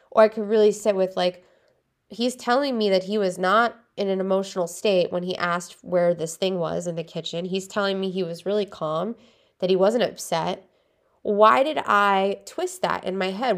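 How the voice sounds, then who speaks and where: A woman's voice: medium pitch, steady tone, moderate pace. A woman hosting a self-healing podcast, talking in an earnest, confiding way with many casual fillers and "right?" checks. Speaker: podcast host. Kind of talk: reflective solo podcast talk.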